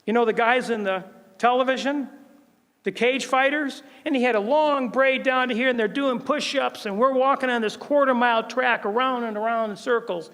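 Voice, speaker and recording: An older man giving a lively storytelling testimony at a prayer breakfast, acting out the voices of the people in his stories. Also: very high-pitched, moderate pace. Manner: lively storyteller, acts out quoted voices and laughs often. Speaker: guest speaker at a prayer breakfast. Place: large event hall. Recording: long hall reverb.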